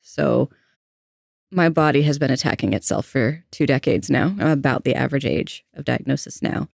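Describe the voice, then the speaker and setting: A man's voice: medium pitch, moderate pace, vocal fry, no room sound, clean studio sound. A young adult trans man co-hosting a podcast, telling personal stories in a candid, anxious, self-deprecating way. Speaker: podcast co-host. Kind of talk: casual personal storytelling.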